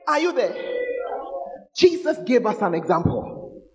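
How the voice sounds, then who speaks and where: A man preaching a sermon, swinging from shouted lines to low, intense passages. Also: very animated, unhurried, in a large hall, faint music behind, low-quality recording.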